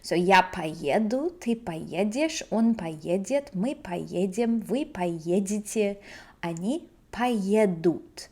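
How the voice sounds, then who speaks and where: A woman's voice: medium pitch, animated, slow pace, warm tone, breathy edge. A woman teaching language grammar to camera in a playful, jokey way.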